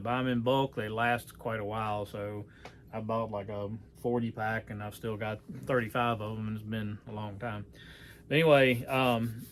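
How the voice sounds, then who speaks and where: A man's voice: medium pitch, a bit bright, a little hiss or hum. A man giving a casual hands-on demonstration, talking in a folksy, rambling way with many fillers and self-corrections. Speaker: archery how-to presenter.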